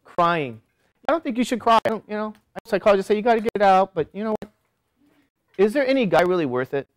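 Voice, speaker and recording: Lively preachy male college teacher. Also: high-pitched, fast, no room sound. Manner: lively, preachy, rhetorical questions to students. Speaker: college statistics instructor. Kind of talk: classroom lecture digression. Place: classroom.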